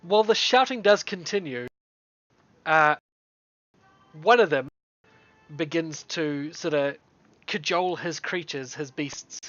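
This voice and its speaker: A game master, narrating a tabletop game in a relaxed way, often laughing. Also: mid-range voice, no echo. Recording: dull dry lo-fi recording.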